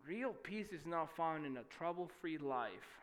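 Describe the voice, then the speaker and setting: Young guy pastor preaching in church, high lively voice, goes from shouting to almost whispering. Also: measured pace. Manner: animated, swings from shouting to near-whispers. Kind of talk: sermon.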